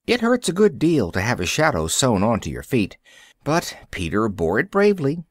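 Storybook narrator for English learners: a man with a lively pitch and a dry, close sound. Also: moderate pace, no room sound.

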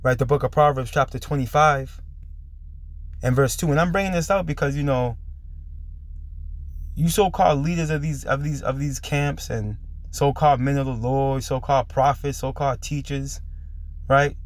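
A man's voice: mid-range voice, moderate pace, pauses often. A man hosting a preaching video commentary, a little under the weather, talking emphatically and ending lines with "man". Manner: emphatic, repeats "man" at line ends. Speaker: religious commentary host.

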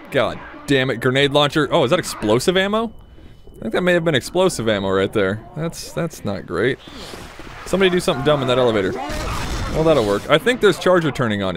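A man's voice: mid-range voice, background noise. A man hosting a gameplay video, chatting casually, laughing often and muttering at other players.

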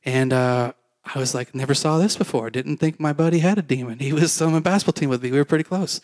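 Dry-voiced pastor telling a story. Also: male voice, on the high side, fast, darkish tone, dry recording. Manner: casual, self-deprecating storyteller who acts out dialogue. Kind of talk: sermon storytelling.

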